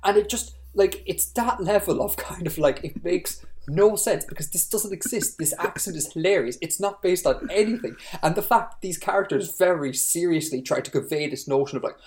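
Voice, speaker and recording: A podcast co-host chatting casually, ranting with animation and rising pitch when worked up. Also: expressive, normal speed, few pauses, a little mellow.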